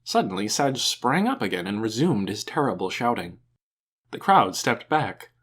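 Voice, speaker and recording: A man narrating an audiobook with an expressive, animated reading. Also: on the low side, normal speed, slightly rough.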